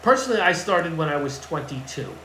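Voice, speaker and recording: Blunt male fitness coach who hammers home his points, a little higher-pitched, recorded in a roomy space. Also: big pitch swings, a little fast, pushed and bright, slight background noise. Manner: blunt, emphatic, repeats key points. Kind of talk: casual advice talk to camera. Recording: echoey room with faint ambience.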